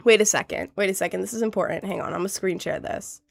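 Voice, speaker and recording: A woman's voice: mid-range voice, vocal fry, faint music behind. A woman in her late teens with a cold, chatting casually on a livestream in a stuffy, slightly nasal voice, bubbly and rambling. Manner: bubbly, rambling, quick to laugh. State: has a cold. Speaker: streamer.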